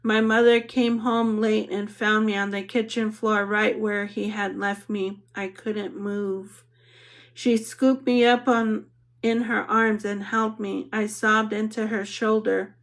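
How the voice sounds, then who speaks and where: A woman narrating an audiobook in the first person, reading in a measured, reflective way. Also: mid-range voice, level tone.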